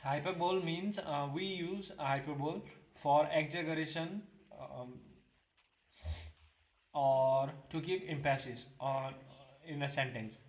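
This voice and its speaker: A man teaching an English class online, explaining slowly with many fillers and restarts and slipping in Hindi glosses. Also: on the high side, echoey room.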